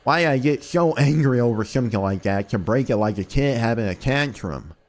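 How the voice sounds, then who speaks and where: A man's voice: medium pitch, lively intonation, fairly quick, natural voice. A man reading a bewildered young man. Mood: uneasy. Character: troubled young male student, first-person narrator. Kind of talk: reading visual novel narration aloud.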